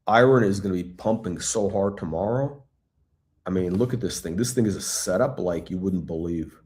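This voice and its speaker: Low voiced middle aged guy on a stock livestream, hyped up, blunt, keeps repeating himself. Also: normal speed. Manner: excitable hype, blunt, swears, repeats himself. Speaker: stock channel host. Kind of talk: livestream stock chat reading chat questions.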